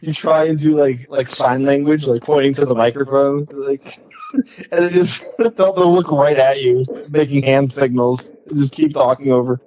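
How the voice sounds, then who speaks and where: A man with a dark, mellow voice co-hosts a podcast in casual chat. He rambles along with many fillers and laughs. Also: medium pitch, steady tone, normal speed, low-quality recording. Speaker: podcast co-host.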